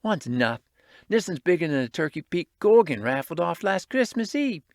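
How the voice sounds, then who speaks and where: A man voicing an energetic young orphan boy from the city who talks in excited street slang. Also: on the high side, normal speed, creaky, no echo, clean studio sound, voice pushed up. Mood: eager, bossy.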